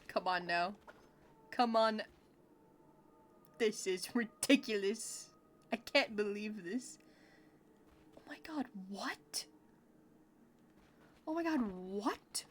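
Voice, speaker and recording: A woman's voice: mid-range voice, animated, slow pace, long pauses, a little hiss or hum. A woman streamer giving casual gameplay commentary, chatty and giggly with sudden exclamations.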